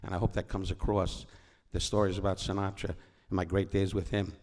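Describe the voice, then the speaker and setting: Before a live audience, an older comedian from New York, there as a guest, tells rambling, wisecracking stories and keeps interrupting himself. He speaks briskly in a low-pitched, darkish voice with a level tone.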